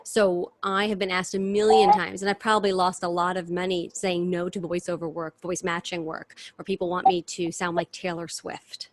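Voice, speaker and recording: A woman singer and impressionist, guest in a casual interview, talking in long, animated answers with restarts over a video call. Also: on the low side, moderate pace, few pauses.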